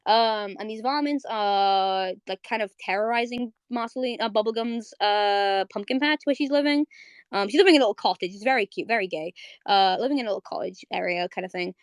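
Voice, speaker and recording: A young woman hosts a casual live audio chat, talking excitably and circling back with many restarts. Her pitch sits in the middle, and the room sounds dry and close. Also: brisk, clean tone, dry recording. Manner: rambling, fillers and restarts, excitable. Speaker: host. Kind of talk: casual chat recapping a cartoon episode. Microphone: streaming audio mic.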